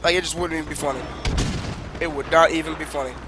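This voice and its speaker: High-voiced ranting male game streamer. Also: fairly even intonation, fast talker, noisy background. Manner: frustrated, ranting, swings from muttering to shouting. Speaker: gaming streamer. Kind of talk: live gameplay commentary. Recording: game music loud behind voice.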